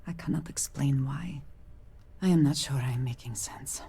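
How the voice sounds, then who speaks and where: An actress voicing a reserved, grieving woman crewmate in a video game, speaking slowly and formally in a breathy half-whisper. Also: rumbling low, dark tone, full character voice. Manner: slow, measured, formal.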